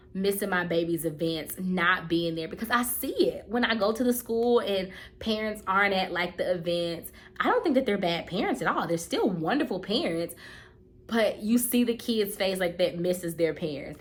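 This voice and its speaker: A woman's voice: on the low side, fairly bright tone. A woman in her thirties talks straight to her viewers in a casual vlog. Her voice is earnest and heartfelt, and she often circles back and repeats her phrases for emphasis. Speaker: vlogger. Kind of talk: casual talking-to-camera vlog.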